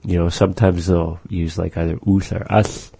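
A middle-aged man gives a relaxed language lesson, slowly and patiently repeating words to show how they sound. His voice is very low and mellow with a husky edge. It is recorded close and dry. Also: dry recording. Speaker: language teacher.

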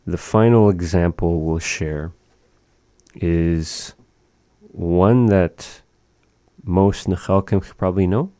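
Male teacher for a language lesson: very low, mellow voice, unhurried, patient repetition. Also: dry recording, clean studio sound. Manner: slow, patient, repeating words for practice.

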